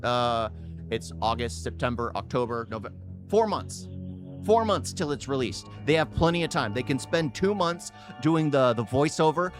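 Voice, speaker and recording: A man's voice: medium pitch, lively intonation, moderate pace, soft background music. A man giving casual, off-the-cuff reaction commentary, rambling and repeating phrases for emphasis. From United States. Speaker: reaction video host.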